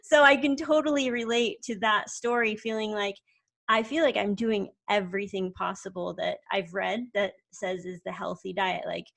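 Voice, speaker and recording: A woman's voice: medium pitch, flat delivery, moderate pace, creaky, fairly bright tone. A woman co-hosting a casual chat, speaking earnestly about her own experience. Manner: earnest, relating.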